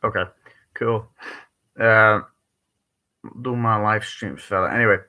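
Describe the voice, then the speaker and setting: Bright-voiced swearing male streamer. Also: fairly low pitch, fairly even intonation. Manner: rambling, swears constantly; acts out dialogue in quick bursts. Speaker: live streamer reviewing a movie. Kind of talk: casual live-stream movie review.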